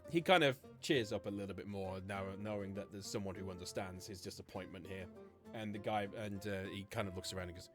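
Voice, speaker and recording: A man's voice: on the low side, fairly quick, over music. A man narrating a tabletop game as game master, rambling with many fillers.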